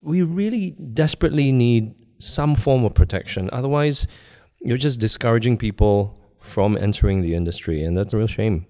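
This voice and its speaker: A man's voice: mid-range voice, animated, normal speed, dark tone. An older man from Singapore, speaking with a lightly British-tinted international English accent as an interview guest, earnest and reflective, with small laughs between thoughts. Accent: neutral international English, slight British tint. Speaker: guest actor. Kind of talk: casual interview chat.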